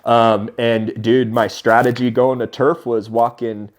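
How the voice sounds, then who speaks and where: Animated man in his thirties telling stories. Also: mid-range voice, a little slow. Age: 30s. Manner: animated, laughs often while telling stories. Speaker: podcast guest. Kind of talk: casual storytelling.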